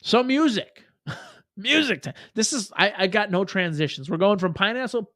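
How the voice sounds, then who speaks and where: A man with a high voice hosts his livestream in a loose, rambling way, full of swearing and laughing asides. The sound is close and dry, with no room around it. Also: animated, fairly quick, bright, forceful tone, dry recording. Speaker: livestream host. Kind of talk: casual livestream chat.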